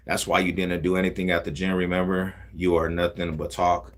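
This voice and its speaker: A man hosting a casual livestream, talking in animated street slang. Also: sits low, brisk. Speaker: livestream host.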